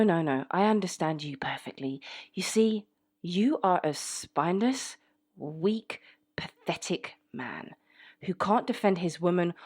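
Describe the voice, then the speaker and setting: A podcast co-host playing a scornful woman who dumps her boyfriend, sarcastic and mocking. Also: fairly low pitch.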